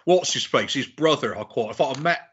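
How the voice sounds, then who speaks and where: A man's voice: mid-range voice, lively intonation, fairly quick, fairly bright tone, breathy edge, dull audio. A man in his forties telling rambling, sweary stories in a casual podcast chat. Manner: rambling, sweary storytelling with restarts. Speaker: podcast guest.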